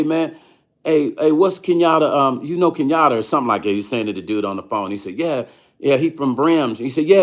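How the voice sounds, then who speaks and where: A middle-aged man from Chicago telling a story on his livestream, animated and laughing often, acting out the other people's lines. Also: mid-range voice. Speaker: vlogger and musician.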